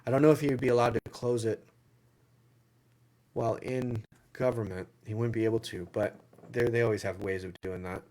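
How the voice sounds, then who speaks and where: A man's voice: mid-range voice, fairly even intonation, a little fast, darkish tone. A man with a Southern US accent hosting a livestream Q&A in casual chat, rambling and repeating phrases as he goes. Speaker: livestream Q&A host.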